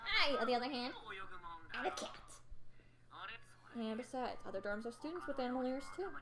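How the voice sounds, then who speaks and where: A woman's voice: high-pitched, lively intonation, brisk, a crowd in the background. A woman doing a sly, creepy cat boy. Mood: sly teasing. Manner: teasing, evasive, singsong. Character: sly, riddling cat-eared teen boy, creepy and playful.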